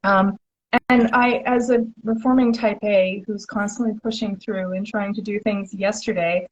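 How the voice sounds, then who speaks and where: A woman's voice: medium pitch, steady tone, normal speed. Chatty enthusiastic woman host, lo-fi audio. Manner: enthusiastic, chatty, many "like" fillers. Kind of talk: casual interview chat.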